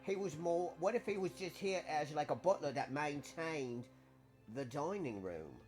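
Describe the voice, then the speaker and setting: A man's voice: fairly high pitch, animated, a little slow, a little mellow, faint music behind. A man putting on a chummy mock English bloke. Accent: put-on English. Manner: playful, calls people mate and love.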